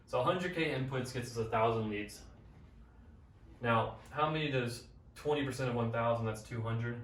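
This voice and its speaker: A young man casually explaining a business funnel at a whiteboard, upbeat and slangy. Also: mid-range voice. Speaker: business coach. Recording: roomy, from a distance, faint noise.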